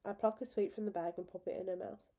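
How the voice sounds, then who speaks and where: A woman narrates a story aloud in a heartfelt, expressive way. Her voice sits at a middle pitch, with a dark and mellow tone. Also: fast. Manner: expressive, emotional reading. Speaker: reader.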